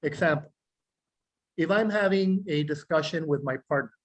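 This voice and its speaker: A man, a clinical psychologist, explaining self-regulation to a group in a measured way, listing words slowly and asking questions. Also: a little high, poor audio. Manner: measured, repeats key words in slow lists; speaks directly to listeners, asks rhetorical questions. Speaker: clinical psychologist teaching a meditation class.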